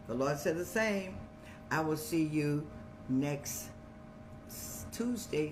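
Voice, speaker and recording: A woman's voice: deep voice, lively intonation, slow pace, long pauses, music in the background. An older woman hosting a live-streamed advice show, talking in a motherly, preachy way and telling stories with laughs. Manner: motherly, preachy, addresses viewers as "child".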